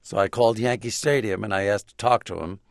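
A man's voice: fairly low pitch, steady tone, a little fast, vocal fry, dry recording, clean studio sound. An older man, a guest comedy writer and actor, telling wry interview anecdotes with chuckles and acted-out quotes. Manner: wry, chuckling storyteller who acts out the quotes.

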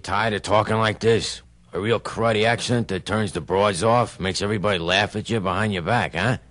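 Smarmy fake-French pitchman, played by a man. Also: steady tone, normal speed, a bit bright, close to an everyday voice. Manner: mock French accent. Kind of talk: parody radio ad.

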